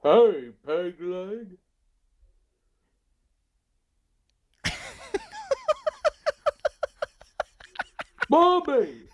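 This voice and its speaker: A man's voice: high voice, huge pitch swings, muffled recording, pitched above the performer's own voice, full character voice. Hank Hill, as a man puts him on. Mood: shouting. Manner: loud, drawn-out shouted lines. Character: middle-aged male cartoon dad, gruff and blunt.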